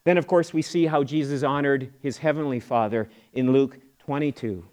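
A man's voice: medium pitch, moderate pace, a little mellow, clean tone. A middle-aged man preaching a sermon as pastor, in a conversational way, often repeating words and acting out quoted voices.

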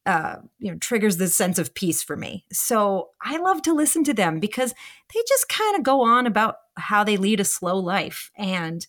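A woman in her thirties co-hosting a podcast, talking in a calm, reflective way with many fillers and restarts. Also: medium pitch, normal speed. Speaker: podcast co-host. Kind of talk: casual podcast chat.

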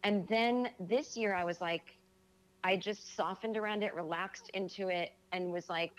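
A woman in the middle of her pitch range speaks as a guest in a relaxed chat. She talks frankly and reflectively, often hesitating as she works through her thoughts. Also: measured pace. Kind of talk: casual conversation.

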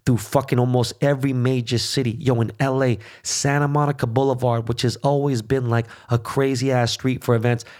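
Male podcast host, mid-pitched voice, swearing nonstop in a fired-up rant. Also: a little mellow. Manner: heated, swearing constantly, repeats "okay?". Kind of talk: profane political rant.

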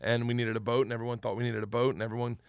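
A man's voice: mid-range voice, little pitch movement, racing, vocal fry, smooth, dry recording, studio quality. A man telling stories in a casual chat, rambling, cutting himself off, and swearing freely. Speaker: guest. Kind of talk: casual storytelling in a podcast chat.

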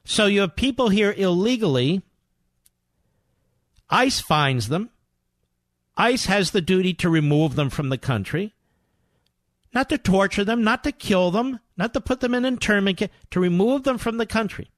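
Male talk radio host, combative and indignant, lively swooping delivery, dry close mic. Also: sits high, moderate pace, no room sound. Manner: indignant, combative, rising to loud rhetorical questions.

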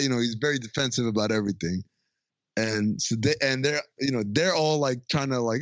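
A man's voice: mid-range voice, fast talker, no room sound. A man chats casually as he recaps a comedy film, bouncing into exaggerated voices for each character and breaking into laughs. The recording is dry and a little dull, with no room sound. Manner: animated, acts out lines in funny voices, laughs often. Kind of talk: casual chat recapping a movie.

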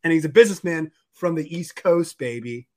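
A man's voice: a little high, lively intonation, fairly quick. A man hosting a sports podcast, talking casually and rambling with lots of fillers. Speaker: podcast host.

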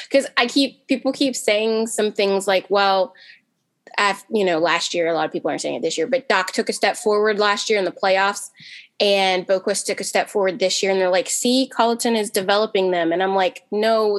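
Chatty woman, quick and full of restarts. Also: mid-range voice. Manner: talks fast in bursts with many restarts and fillers. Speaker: podcast panelist. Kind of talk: casual chat.

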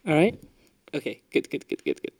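A woman hosting a casual studio interview, quick with back-channel replies and loose in her language. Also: darkish tone. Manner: frequent quick backchannels, casual swearing. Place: recording studio.

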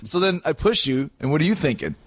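A man's voice: a little high, fast. A man from Canada hosting a casual interview, telling a story with energy and acting out what he said back then. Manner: animated storyteller, acts out his own past lines. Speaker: podcast host.

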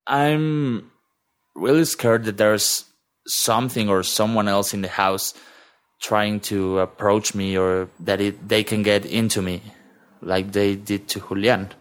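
Slow-spoken man. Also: on the low side, fairly even intonation. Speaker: storyteller. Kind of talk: personal storytelling.

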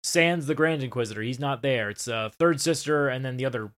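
A man co-hosting a casual podcast, recapping a show with animated, swearing retellings. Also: medium pitch, a little fast. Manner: animated, swearing, acts out scenes in quoted voices. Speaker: podcast co-host.

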